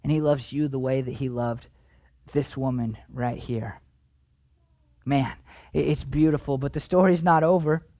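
A man preaching a sermon as pastor, in a conversational way that swings between animated emphasis and hushed, tender passages. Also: mid-range voice, a little slow, pauses often, dry recording.

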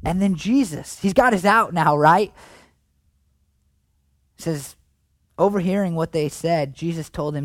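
A man preaching a sermon as pastor, in a conversational way that swings between animated emphasis and hushed, tender passages. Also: a little high, unhurried, long pauses, no room sound.

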